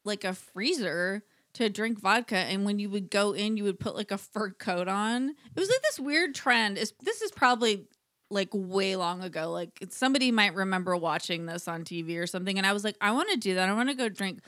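A woman's voice: mid-range voice, normal speed, fairly bright tone, no room sound. Chatty, giggly woman on a dry mic. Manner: chatty, giggly, rambling storyteller. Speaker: podcast co-host. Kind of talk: casual chat.

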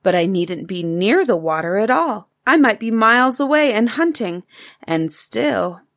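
A woman's voice: medium pitch, very animated, unhurried, fairly bright tone, no echo, studio quality. A woman voicing an eager, chattering little cave girl in a storybook reading.

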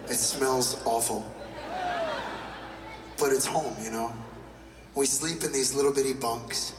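A man's voice: mid-range voice, fairly even intonation, takes it slowly, background noise. A man telling a personal story on stage as a motivational speaker, candid and confessional, now and then swearing. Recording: echoey hall from far off with loud music.

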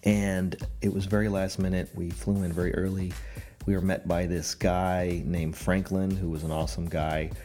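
Man, very low voice, rambling podcast host, teasing and loose, faint music under it. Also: little pitch movement, moderate pace, dark tone. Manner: joking, teasing, rambling with fillers. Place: Pacific Northwest, rural mountains.

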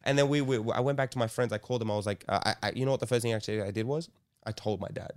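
A man's voice: medium pitch, very fast. A young man telling a rambling story in casual chat, swearing and restarting often. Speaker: guest storyteller.

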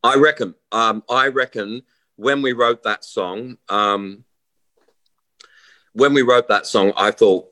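A middle-aged man, a musician, telling stories in a rambling, animated way in a casual interview. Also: medium pitch, slow, long pauses, no echo. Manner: rambling, animated storyteller with many restarts and quoted voices. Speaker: musician guest.

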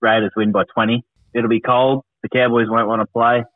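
A dry, deadpan man argues sport with his mates, contrary by habit. He sounds thin and phone-like, with no room around him. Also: medium pitch, fairly quick, no echo. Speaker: podcast co-host. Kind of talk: casual sports chat. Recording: dry, tinny phone-like line.

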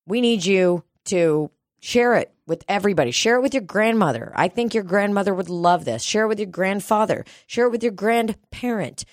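A woman co-hosting a podcast in casual chat, swearing a lot, excitable and quick to laugh. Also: mid-range voice, no room sound, clean studio sound. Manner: profane, excitable, laughs often. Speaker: podcast co-host.

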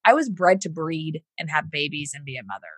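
A woman's voice: low-pitched, brisk, slightly rough, no echo. A Southern woman from Houston, a business coach, chatting on a podcast and acting out the people she quotes. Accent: Southern American. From Houston, Texas. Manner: animated storyteller, acts out quoted voices. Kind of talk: casual podcast conversation.

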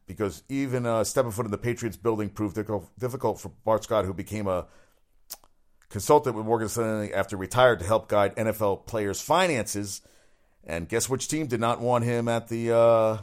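Rambling, fast-talking, profane man host. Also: fairly low pitch. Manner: rapid, rambling, profane, with many fillers. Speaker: sports talk host. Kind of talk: casual solo sports commentary.

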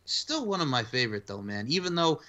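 A man's voice: medium pitch, sing-song, fairly quick, pushed and bright, lo-fi sound. A man from Long Island hosting a podcast, chatting casually and profanely, full of jokes and movie quotes. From Long Island, New York. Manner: profane, jokey, breaks into bits and movie quotes. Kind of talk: casual wrestling podcast banter.

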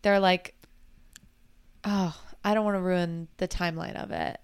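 A woman's voice: lowish voice, fairly even intonation, a little slow, clean tone. A woman co-hosting a casual podcast, chiming in with reactions and adding details to the story. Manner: reactive, chiming in with short comments. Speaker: podcast co-host. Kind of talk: casual chat.

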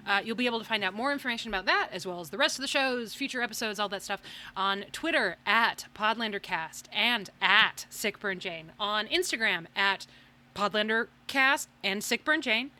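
A woman's voice: medium pitch, moderate pace, sharp tone. A woman hosting a podcast, chatting casually and laughing as she makes announcements and reads out thank-yous. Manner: chatty, laughing, self-deprecating. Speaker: podcast host.

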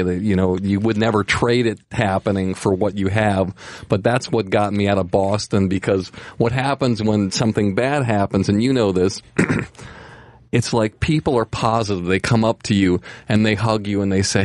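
A low-voiced man tells heartfelt stories in a relaxed talk-show chat. His voice sounds close and dry, with no room echo. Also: normal speed. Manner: earnest, heartfelt storyteller. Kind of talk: casual storytelling chat.

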